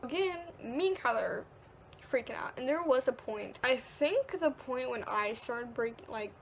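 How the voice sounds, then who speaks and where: A woman's voice: on the high side, expressive, normal speed, a little hiss or hum. A teenage girl vlogging, casually telling a story, full of "like" and acted-out quotes. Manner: chatty, peppered with "like", acts out quotes.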